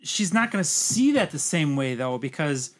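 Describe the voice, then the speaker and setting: A man in a casual movie discussion, thoughtful and halting as he works through his points. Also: on the high side, very animated. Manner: thoughtful, halting, many fillers and restarts.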